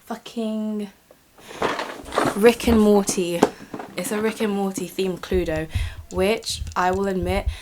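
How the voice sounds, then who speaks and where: A woman's voice: medium pitch, noisy background. A young woman, chatting casually to camera in a rambling, swearing vlog. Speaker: vlogger.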